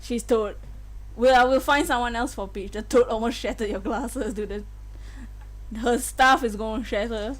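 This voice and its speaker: Giggly high-voiced woman streamer. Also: normal speed. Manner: giggly and playful, laughing often. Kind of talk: live game streaming chat.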